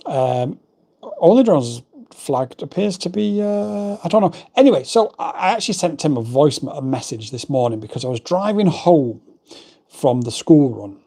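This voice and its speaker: A man's voice: on the high side, dark tone. A middle-aged man hosting a casual livestream, rambling and reading out viewer comments. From England. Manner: chatty, rambling, reads out chat messages. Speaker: livestream host. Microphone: desk microphone.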